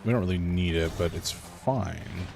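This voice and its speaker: A man streaming a video game, chatting and joking as he thinks out loud about his choices. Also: low-pitched, moderate pace, vocal fry, music in the background. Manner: chatty, joking, thinks aloud while playing. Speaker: gaming streamer. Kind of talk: casual live gameplay commentary.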